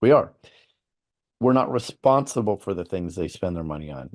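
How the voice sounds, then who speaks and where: A man's voice: deep voice, expressive, normal speed, a little mellow. A man hosting an interview, explaining his views earnestly with examples and often repeating words. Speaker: host. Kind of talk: interview conversation.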